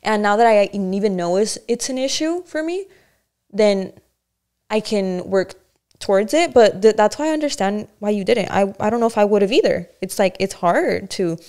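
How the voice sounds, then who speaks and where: A woman's voice: mid-range voice, lively intonation, moderate pace, darkish tone, clear, resonant tone. A young woman co-hosting a casual podcast chat, talking in a candid, rambling, self-reflective way with many restarts. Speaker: podcast co-host.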